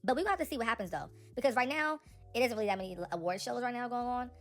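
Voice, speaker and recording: A young woman giving casual, animated celebrity gossip commentary, talking straight to her viewers. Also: on the high side, very fast, faint music behind.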